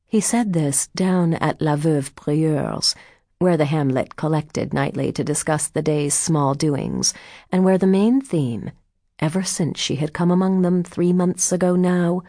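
A woman reading a novel aloud in a measured, even storytelling voice. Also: low-pitched, no room sound, studio quality. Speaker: audiobook reader. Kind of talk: scripted narration.

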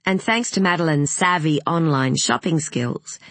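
Audiobook narrator, breathy husky tone, mid pitch, dry studio sound. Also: normal speed, a bit bright, no room sound. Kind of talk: scripted novel narration.

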